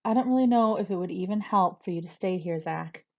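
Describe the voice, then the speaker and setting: A woman's voice: fairly low pitch, a little fast, vocal fry, warm tone, lo-fi sound. A woman reading aloud, voicing a frightened, angry teenage boy holding a gun, snapping and close to panic. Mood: tense. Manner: tense, snapping, edging into panic.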